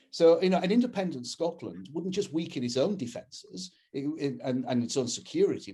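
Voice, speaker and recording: A man's voice: mid-range voice, mellow, breathy edge. An Englishman with an English accent, giving an earnest, opinionated political talk over a video call, with frequent restarts. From England. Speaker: campaigns head speaking at a webinar.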